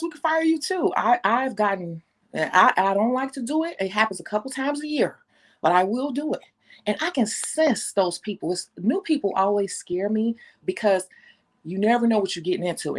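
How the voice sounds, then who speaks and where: Blunt, animated woman host. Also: mid-range voice. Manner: candid, blunt, animated storytelling with slang and cursing. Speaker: nail technician and channel host. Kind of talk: casual talk to viewers, reading live comments.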